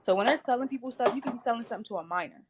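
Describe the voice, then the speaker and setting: A woman's voice: on the high side, expressive, very fast, background noise. A woman in a live audio chat room explaining her point with examples and many likes.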